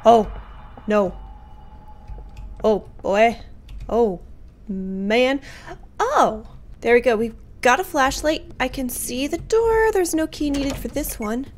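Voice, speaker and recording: A woman's voice: a little high, expressive, takes it slowly, long pauses. A woman giving jumpy, exclamatory commentary while playing a horror game, gasping and reacting aloud. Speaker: gaming YouTuber. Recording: faint game music behind.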